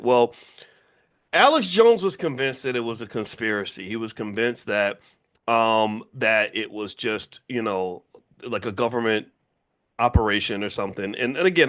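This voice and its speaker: Lecturing casually on finance, a commentator and educator in his fifties speaks with a fairly low voice and a fairly bright tone. He hammers his points through repetition and peppers the audience with rhetorical questions, staying emphatic and conversational.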